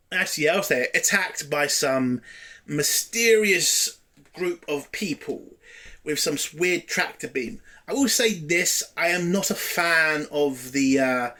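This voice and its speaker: A man's voice: fairly high pitch, sharp tone. A man giving a casual spoken review of a TV episode, blunt and exasperated, swearing freely.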